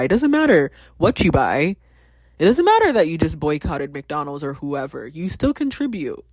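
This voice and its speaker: A mid-pitched podcast host talks things through in a loose, impassioned ramble, swearing freely and breaking into laughs. The sound is dry and close. Fillers and restarts carry the thinking-aloud flow. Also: dry recording. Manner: passionate, rambling, frequent profanity. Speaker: teacher. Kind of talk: casual podcast talk.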